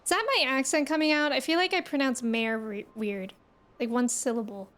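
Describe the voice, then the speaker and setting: A high-voiced young woman streams a game and thinks aloud in a chatty, casual way. Faint game music runs underneath her talk. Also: steady tone, moderate pace, a bit bright. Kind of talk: live game commentary.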